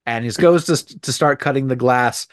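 A man's voice: mid-range voice, normal speed, no echo, clean studio sound. A man co-hosting a podcast, joking wryly as he recaps a TV episode and quoting lines in funny voices. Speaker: podcast co-host. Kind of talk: casual chat recapping a TV episode.

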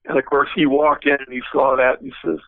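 A man's voice: mid-range voice, flat delivery, fast, no room sound, phone-quality sound. An older man, a guest car designer, telling long rambling anecdotes with many fillers in an interview. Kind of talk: storytelling interview.

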